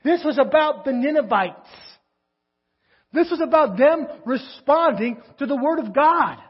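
A man's voice: very high-pitched, animated, unhurried, dull audio. A man preaching a sermon in a conversational way, asking his listeners rhetorical questions. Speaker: pastor.

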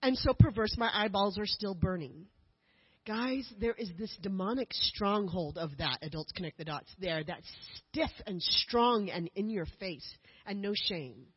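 A woman's voice: mid-range voice, lively intonation, measured pace, slightly rough, muffled recording. A woman giving a chatty slideshow talk as a missionary speaker to a church group, with joking asides. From United States.

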